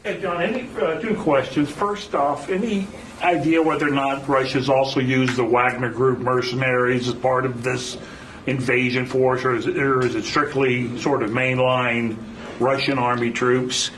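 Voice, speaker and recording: A man's voice: medium pitch, steady tone, normal speed, fairly bright tone, slight background noise, poor audio. A man speaking as a reporter, putting casual, direct questions at a press briefing.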